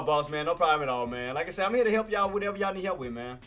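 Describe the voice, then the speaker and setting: Over soft background music, a man with a slightly high, bright, forceful voice rattles off casual live market commentary very fast, barely pausing, with lively intonation. He hosts a day-trading stream, keeps it laid-back and slangy, and calls viewers "boss" and "man."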